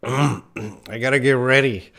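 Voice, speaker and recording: A man's voice: medium pitch, fairly even intonation, unhurried, vocal fry, fairly bright tone. A man giving a casual live-stream lesson, chatting to viewers by name and laughing at his own slips. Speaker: English teacher.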